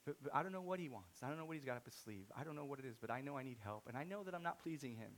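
A man in his thirties preaching a sermon, telling a story and swinging from soft-spoken to loud, excited outbursts. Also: mid-range voice, rapid-fire, a little hiss or hum. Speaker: pastor.

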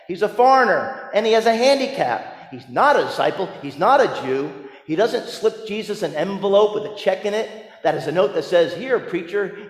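A man preaching a sermon as a pastor, telling the story with animation and asking the congregation rhetorical questions. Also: high-pitched. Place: church sanctuary. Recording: echoey church hall with long reverb.

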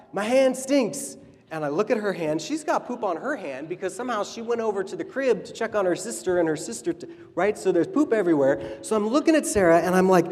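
A man in his thirties leads a sermon and keeps sliding into animated, chatty stories. His voice sits fairly high. The sound rings with the long reverb of a church hall. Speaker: church leader. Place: church sanctuary.

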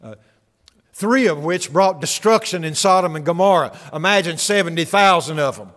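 A male preacher delivers an expository sermon in an earnest, emphatic manner, driving his main points home by repeating them. His voice sits fairly high for a man. A long reverb from the church sanctuary trails behind him. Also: animated, moderate pace, fairly bright tone.

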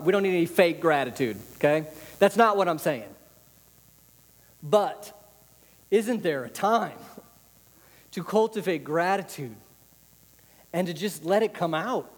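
A man preaches a casual, conversational sermon, leaning on repeated phrases to drive points home. His voice sits a little high for a man. It rings out with the long reverb of a church hall. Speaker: pastor.

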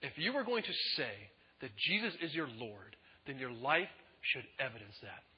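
A male pastor preaching a sermon in an animated way, acting out quotes in different voices. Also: medium pitch, normal speed, slightly rough. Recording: echoey hall, dull lo-fi sound.

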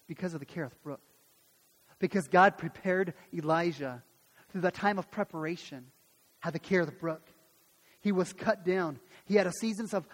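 A pastor preaching a sermon and retelling a Bible story, acting out the voices of its people in a lively way. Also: male voice, high voice, in a large hall. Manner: animated storytelling, acts out voices.

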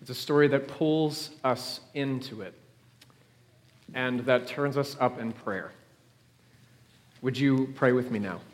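A male pastor leading his congregation in a solemn, measured prayer in a church. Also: medium pitch. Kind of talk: sermon and prayer. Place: church sanctuary.

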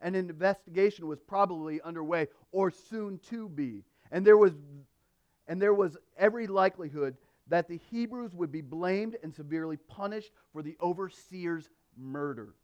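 A male pastor preaching a sermon, emphatic, dropping from loud to hushed and asking the listeners questions. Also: high-pitched, moderate pace, dull audio. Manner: asks the listeners rhetorical questions.

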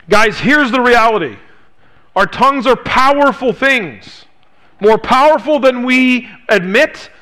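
High, bright-voiced man preaching a sermon. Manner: emphatic preaching with rhetorical questions. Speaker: pastor.

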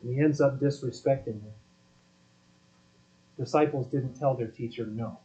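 A man's voice: medium pitch, normal speed, mellow. A man preaching a sermon as pastor, speaking emphatically and asking his listeners rhetorical questions. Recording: dull lo-fi recording.

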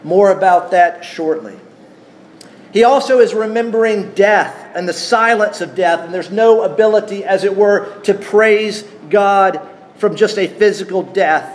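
Slow high-voiced male preacher. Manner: unhurried teaching with rhetorical questions to the congregation. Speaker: pastor. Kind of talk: sermon.

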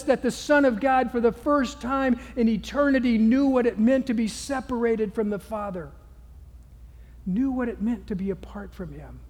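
A man preaching a sermon, swinging from hushed, quiet passages to loud, emphatic ones. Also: high-pitched, long reverb tail. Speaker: pastor.

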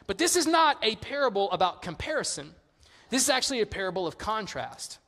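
High-voiced pastor preaching in an echoey hall. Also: male voice. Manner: conversational, animated storytelling. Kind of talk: sermon.

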